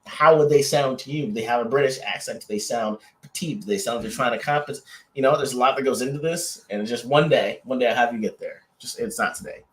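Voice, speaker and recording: A man co-hosts a casual couples podcast, his voice at an ordinary middle pitch. He rambles through restarts and fillers and teases his partner playfully. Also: fast talker, a bit bright. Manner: playful teasing. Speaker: podcast co-host.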